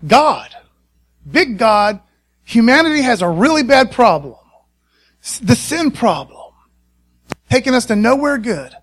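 A man preaching a sermon, excited and conversational, often calling out to the congregation for a response. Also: sits high, moderate pace, long pauses.

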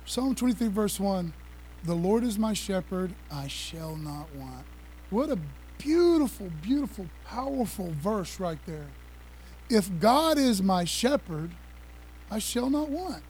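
A male preacher giving an excited, conversational sermon, talking fast with laughs and casual asides. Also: high-pitched, a little hiss or hum, poor audio. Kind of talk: energetic sermon with slides.

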